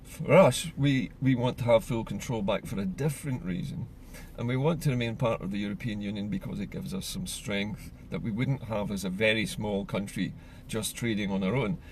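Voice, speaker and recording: Gravelly-voiced man, earnest political talk. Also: fairly low pitch, a little mellow, slight background noise. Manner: earnest, measured, explaining. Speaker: political commentator. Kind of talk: solo opinion monologue.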